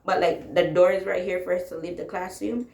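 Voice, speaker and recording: A woman's voice: fairly low pitch, little pitch movement, a little fast, vocal fry, darkish tone, reverberant. A young woman casually telling a personal story, blunt and sassy, swearing freely and laughing as she talks.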